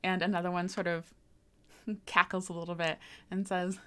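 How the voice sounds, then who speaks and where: A woman's voice: fairly low pitch, fairly even intonation, brisk, fairly bright tone. A woman narrating as game master, easygoing, with frequent fillers and laughs.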